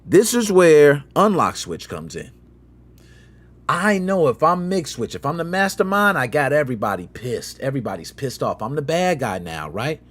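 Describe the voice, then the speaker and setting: A man hosting a gaming channel, telling a story in slangy, lively commentary and acting out quotes with sound effects. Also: a little high, moderate pace.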